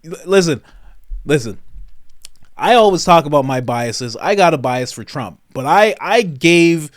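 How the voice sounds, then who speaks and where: A man hosts a comedic reaction commentary with lots of pitch movement, often breaking into laughter. The voice is close and dry. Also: lively intonation, measured pace, no echo. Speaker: commentary show host.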